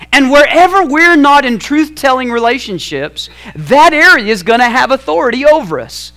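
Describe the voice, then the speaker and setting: A male preacher delivers a sermon with a very lively, rising-and-falling voice. He tells stories in a conversational way and pokes fun at himself, then drops to a near hush for his serious points. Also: sits high. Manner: storytelling, conversational, self-mocking humor; big swings between loud and hushed. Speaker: pastor.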